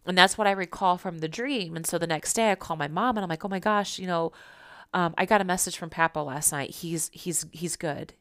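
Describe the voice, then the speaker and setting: A woman's voice: lowish voice, fairly quick, a bit bright, slight background noise. A young woman telling a personal story and teaching about spiritual signs in an earnest, reassuring, conversational way.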